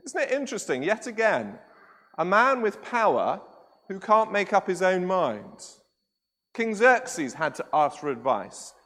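Male preacher, high voice, animated storyteller who keeps asking the room questions, long church reverb. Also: a little slow. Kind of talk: sermon.

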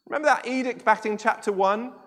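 Male preacher, high voice, animated storyteller who keeps asking the room questions, long church reverb. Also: quick pace. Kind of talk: sermon.

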